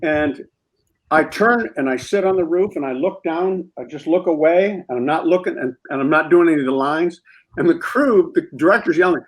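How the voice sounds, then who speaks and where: A man telling an animated anecdote as a guest on a comedy talk show, acting out the scenes as he goes. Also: fairly high pitch, moderate pace.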